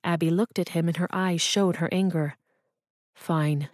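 Brief: woman audiobook narrator, calm and even, lowish voice, very dry close recording. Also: fairly quick, no echo. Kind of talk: scripted narration.

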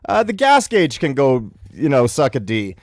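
A man's voice: mid-range voice, huge pitch swings, moderate pace. Exasperated man ranting, chuckling. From Canada. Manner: exasperated, chuckles between complaints. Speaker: musician and regular ranter. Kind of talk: comedic rant.

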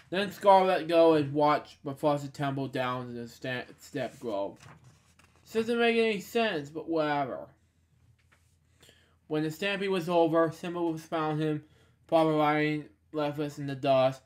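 Man, bedtime storybook reading, slow, stumbling, deadpan sarcastic asides. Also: a little high. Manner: halting, stumbling over words. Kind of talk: reading a children's storybook aloud.

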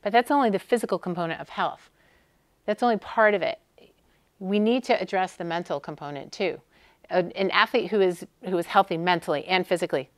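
With a fairly low-pitched voice and no room sound, a middle-aged American sports medicine doctor delivers a conference lecture. She keeps it friendly and conversational, saying "um" often.

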